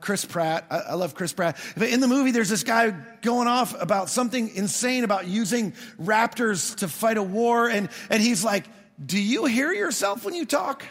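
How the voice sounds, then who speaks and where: High-voiced pastor preaching in a reverberant hall. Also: male voice, fairly bright tone. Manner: conversational, storytelling with humor. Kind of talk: sermon.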